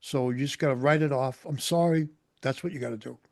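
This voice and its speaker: A man doing a quiet, stern old uncle. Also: a little fast, creaky, no room sound, studio quality, lightly acted. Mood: grave. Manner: low, quiet and grave. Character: quiet, stern older uncle giving hard advice.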